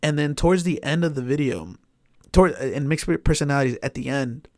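A man telling a story in casual chat, animated and swearing often, with lots of filler words. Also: mid-range voice, fairly quick, dry recording, clean studio sound.

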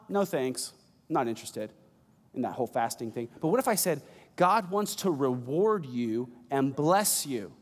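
Pastor, male, high voice, casual jokey sermon, reverberant hall. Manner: conversational, joking asides.

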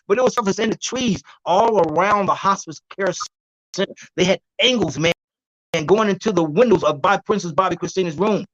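High-voiced, animated man telling stories. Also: a little fast, no room sound, lo-fi sound. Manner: lively, demonstrative, laughs often, acts out quotes. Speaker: guest herbalist. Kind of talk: animated storytelling interview.

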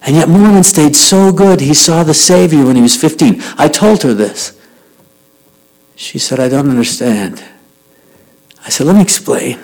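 Animated storytelling man. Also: a little high, moderate pace, long pauses, poor audio. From Utah. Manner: animated storyteller, acting out both sides of a dialogue. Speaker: youth speaker. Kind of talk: storytelling talk to youth.

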